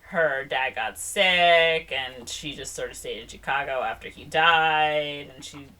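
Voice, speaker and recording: A young woman retells a film's plot for her podcast co-host in loose, casual chat. Her voice is bright and clear, and she slips into quick voices for the characters' lines as she goes. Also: low-pitched. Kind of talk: casual movie recap chat.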